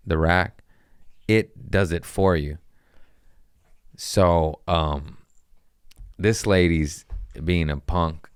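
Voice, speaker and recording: A man with a deep, low voice spins casual stories on his podcast, swearing freely and cracking himself up as he goes. The sound is close and dry, with no room around it. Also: smooth, dry recording. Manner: loose, profane, laughing at his own stories. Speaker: comedian hosting a podcast. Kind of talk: casual storytelling chat.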